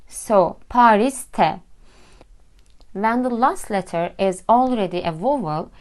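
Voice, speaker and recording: A woman's voice: mid-range voice, darkish tone, clear, resonant tone, dry recording, studio quality. A woman teaching a language lesson, patiently spelling out letters and word endings. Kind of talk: slow explanatory lesson.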